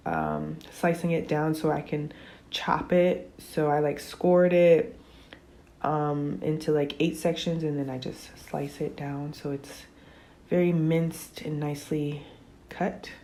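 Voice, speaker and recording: Young woman, low voice, groggy morning tone, easygoing chatty voice-over for a cooking clip. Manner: relaxed, chatty, filler-heavy. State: just woken up, morning voice. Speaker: cooking vlogger. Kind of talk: casual voice-over.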